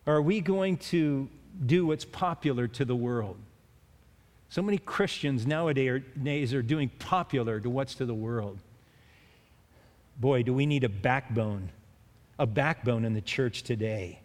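A man's voice: medium pitch, measured pace. A man preaching a sermon in an earnest way, with stumbling restarts and emphatic rises on key words. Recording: long hall reverb.

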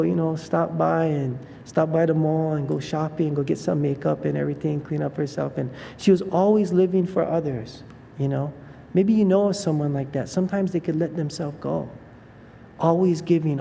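Gravelly-voiced man preaching in a hall. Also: on the high side, warm tone, a little hiss or hum. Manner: conversational, filled with "you know" asides and restarts. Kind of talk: sermon.

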